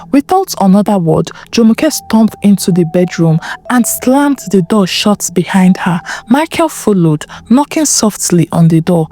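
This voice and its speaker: A woman narrating a story in an emotive, expressive way. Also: medium pitch.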